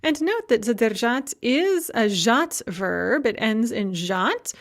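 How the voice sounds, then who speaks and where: A woman's voice: fairly high pitch, big pitch swings, slow. A woman teaching a recorded language lecture, explaining grammar methodically and carefully pronouncing example words. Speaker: Russian language instructor.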